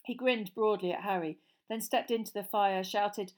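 A woman narrating a storybook audiobook in a steady, clear reading voice. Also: medium pitch, normal speed.

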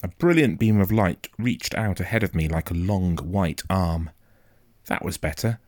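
A man narrating a first-person story in a quiet, measured, suspenseful way. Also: low-pitched, lively intonation, dry recording, clean studio sound. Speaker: audiobook narrator.

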